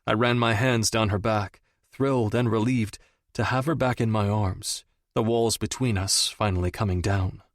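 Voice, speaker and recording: Male audiobook narrator, first-person romance, lowish voice, dry close sound. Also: steady tone, moderate pace, dry recording.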